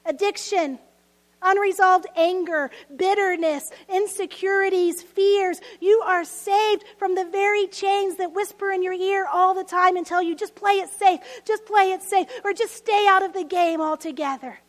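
A woman pastor preaching a lively sermon, telling stories with laughs and dropping to hushed asides. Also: very high voice, a little slow, long reverb tail.

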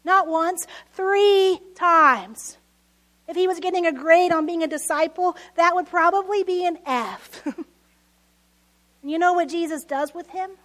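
A woman pastor delivers a sermon in a very high, light voice. She talks slowly and conversationally, with chuckling asides to the congregation. Key lines sink to a near whisper. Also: a bit bright.

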